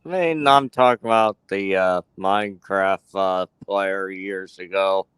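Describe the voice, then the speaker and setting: A man's voice: deep voice, unhurried, fairly bright tone, smooth, no echo. A man making offhand remarks on a livestream call with friends. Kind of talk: casual group chat.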